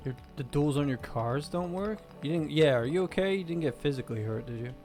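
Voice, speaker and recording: A man's voice: fairly high pitch, expressive, brisk, darkish tone, faint music behind. Man in a wry casual rant. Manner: ranting, wry. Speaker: co-host chatting on stream. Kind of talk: casual chat.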